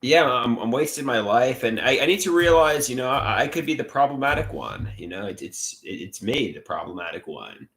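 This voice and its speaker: A man's voice: medium pitch, very animated, fairly quick, vocal fry, hardly any pauses, a bit bright. Rambling man chatting on a livestream. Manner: rambling, repeats words, greets viewers by name. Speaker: livestream host. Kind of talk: casual livestream chat reading comments.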